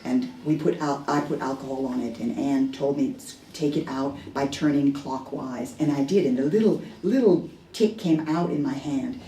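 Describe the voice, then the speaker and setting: Low-voiced woman telling a story in an echoey room. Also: normal speed, hardly any pauses, mellow, slight background noise. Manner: candid, self-deprecating, with hesitant restarts. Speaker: dharma talk speaker. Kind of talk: personal storytelling in a dharma talk. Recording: echoey room heard from a distance.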